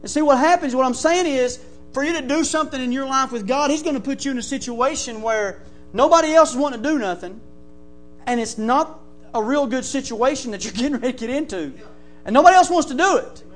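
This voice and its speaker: A male pastor, preaching a folksy sermon that builds into shouting. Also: very high voice, a little fast, soft background music.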